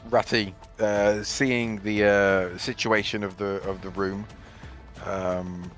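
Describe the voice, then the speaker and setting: A man's voice: on the low side, flat delivery, takes it slowly, a bit bright. Guy player in a tabletop game, lots of ums, hesitant, faint music behind. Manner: hesitant, full of fillers.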